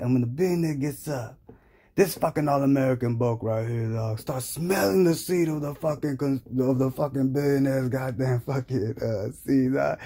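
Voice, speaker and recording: A man's voice: medium pitch, creaky, warm tone, husky. A man telling a crude comic story in a profane, rambling, slangy way. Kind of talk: crude comedic storytelling rant.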